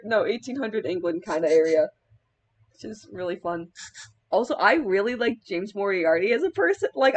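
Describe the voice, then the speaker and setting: A young woman chatting casually in a vlog while styling a cosplay wig, rambling with many filler words and laughing mid-sentence. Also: medium pitch.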